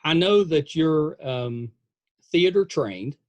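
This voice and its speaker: A man with a West Virginian accent hosting a casual interview podcast, halting and repeating words as he asks questions. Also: on the high side, expressive. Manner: hesitant, repeats words, friendly laughter. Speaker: podcast host.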